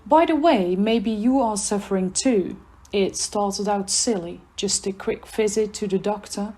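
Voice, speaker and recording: Woman, Dutch accent, mellow and breathy, earnest measured devotional reader for a church podcast. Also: mid-range voice. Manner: earnest, measured reading of a prepared text. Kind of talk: scripted devotional reading.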